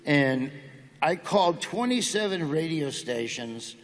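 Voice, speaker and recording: A middle-aged man with a Southern drawl, telling jokes and anecdotes as a stage interview guest. His voice sits a bit high for a man, and the hall adds a long echo. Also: lively intonation, takes it slowly, a little hiss or hum. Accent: Southern American. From Nebraska, United States. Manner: joking, drawling storyteller. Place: large hall before a live audience.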